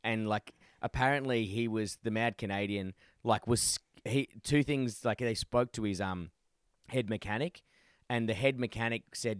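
A man's voice: lowish voice, normal speed, smooth, no room sound, clean studio sound. A man co-hosting a podcast over a video call, telling rambling stories in casual chat and swearing freely. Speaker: podcast co-host. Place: attic in a house.

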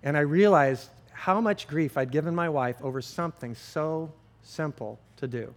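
A man's voice: a little high, normal speed. A middle-aged man preaching to a live audience as a pastor, telling a candid personal story with self-deprecating humor. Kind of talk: sermon.

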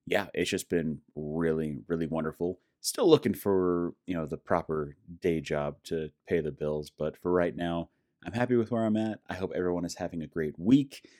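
Casual upbeat man from colorado hosting his podcast, deep voice, dry sound. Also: normal speed, darkish tone, no echo. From Colorado, USA. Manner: enthusiastic, chatty, frequent laughs. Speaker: podcast host. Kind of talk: casual podcast intro and interview.

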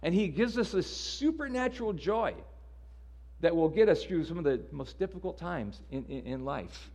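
A man's voice: fairly high pitch, lively intonation, normal speed, a little mellow. A man preaching a sermon in a casual, conversational way, often repeating words as he restarts. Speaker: pastor.

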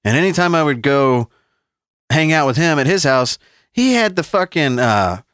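Animated, profane man telling stories. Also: a little high, normal speed, no room sound, clean studio sound. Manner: profane, animated storytelling with laughs. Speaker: podcast co-host. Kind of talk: casual chat.

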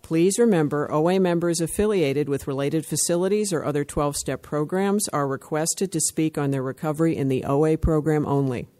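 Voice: medium pitch, a little fast, few pauses, mellow. Chairperson reading formal meeting announcements. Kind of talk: reading a prepared meeting script aloud. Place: meeting room at a workshop.

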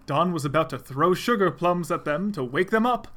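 A man with a higher, bright and sharp voice reads a holiday fan story aloud. His delivery is steady and plain, keeping an even flow through the verse. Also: moderate pace. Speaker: reader.

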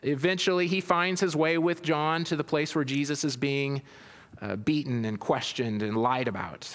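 A man's voice: fairly high pitch, normal speed, a bit bright, long reverb tail. A man preaching a sermon, reading scripture aloud and then expounding on it with frequent restarts. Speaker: pastor.

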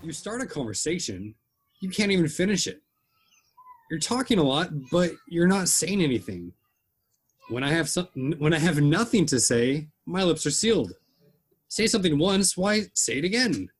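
A man's voice: fairly high pitch, very animated, moderate pace, breathy edge. A young man hosting a casual podcast chat, telling rambling jokey stories. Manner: rambling, joking storyteller. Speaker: podcast host.

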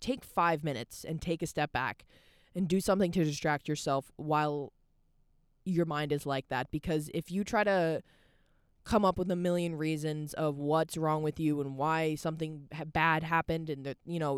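A woman's voice: low-pitched, clear, resonant tone, dry recording, studio quality. A young woman hosting a podcast, talking candidly in a casual, rambling monologue full of "like" and restarts, at home. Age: young adult. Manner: candid and rambling, heavy use of "like". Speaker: podcast host.

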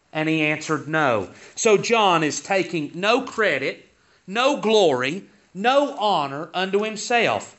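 On a dull, low-fidelity recording, a man leads a Sunday school class, reading verses in King James wording and then explaining them. His high, fairly bright voice has lively intonation and a slow pace.

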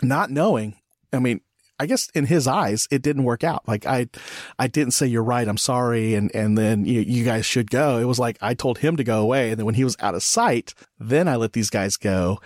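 A man hosts a laid-back podcast chat in a middle-range voice. He talks reflectively, pausing and restarting his thoughts. The sound is close and dry, with no room around it. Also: medium pitch, darkish tone, no echo. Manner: reflective, halting with frequent restarts. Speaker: podcast host. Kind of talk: casual podcast conversation.

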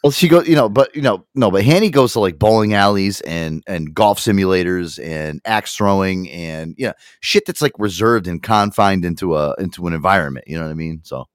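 A man from Connecticut hosting a casual podcast, talking in a profane, animated way and laughing often. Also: sits low, a little fast, few pauses, no room sound, clean studio sound. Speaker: host.

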